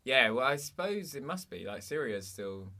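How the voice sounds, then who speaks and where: A young man, co-hosting a casual comedic chat with dry, deadpan jokes. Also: mid-range voice, normal speed. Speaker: podcast co-host.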